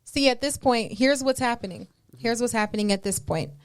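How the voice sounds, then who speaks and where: A woman co-hosting a podcast, chatting casually and deliberately, often repeating herself to drive a point home. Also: fairly high pitch, clean tone. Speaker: podcast co-host. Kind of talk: casual chat.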